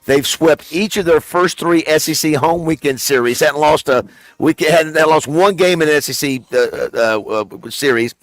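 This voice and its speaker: A male radio morning host, talking sports in a chatty, halting way on a live remote broadcast. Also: fairly high pitch, dry recording. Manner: chatty, halting, many fillers. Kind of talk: live on-location radio chat.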